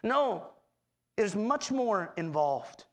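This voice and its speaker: Gravelly male preacher. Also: high-pitched, extremely slow. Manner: expressive preaching with dramatic quoted voices. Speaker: pastor. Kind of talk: sermon.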